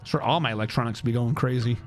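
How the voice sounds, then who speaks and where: Faint music runs behind a man's mid-range, quick-paced voice. While streaming a game, he keeps up casual commentary to himself, muttering and now and then humming.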